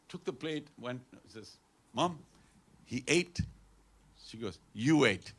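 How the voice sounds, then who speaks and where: A man's voice: on the low side, moderate pace, vocal fry, pauses often, fairly bright tone, slightly rough. A man giving a conversational storytelling talk at a temple, acting out the characters in his stories. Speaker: temple speaker. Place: temple hall.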